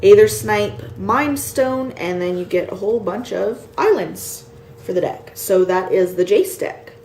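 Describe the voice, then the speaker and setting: Tired woman slowly reading card names. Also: mid-range voice, lively intonation, darkish tone. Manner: reads card names slowly, unsure of pronunciations. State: tired, yawning. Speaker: card collector showing a set. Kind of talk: casual show-and-tell. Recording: echoey room with faint ambient noise.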